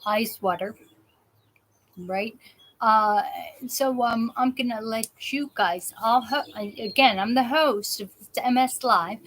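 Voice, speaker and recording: A woman's voice: on the high side, slow pace, fairly bright tone, slight background noise, rough recording. A woman hosting a live show, chatting casually and rambling with many restarts and fillers. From South Jersey. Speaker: host of a live patient show. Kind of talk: casual live-stream chat.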